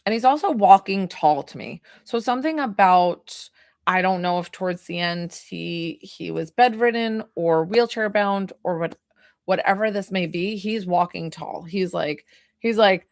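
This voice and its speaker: A chatty woman gives a live psychic reading, piling up "like" fillers as she goes. Her voice sits at a middling pitch. The sound is dry and close, with no room echo. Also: moderate pace. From New York. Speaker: psychic medium.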